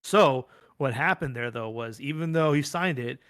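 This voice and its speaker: A man's voice: mid-range voice, normal speed, smooth. A man co-hosting a livestreamed wrestling talk show, chatting casually and animatedly, acting out quotes as he goes. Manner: animated, rambling, acts out quotes. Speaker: podcast co-host.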